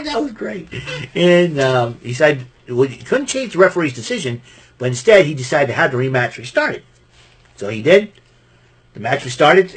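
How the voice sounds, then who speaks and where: A man's voice: mid-range voice, husky. A man from Massachusetts hosting a show and recapping a wrestling event in a casual, rambling way, often laughing. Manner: animated, laughing, rambling with restarts. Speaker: podcast host.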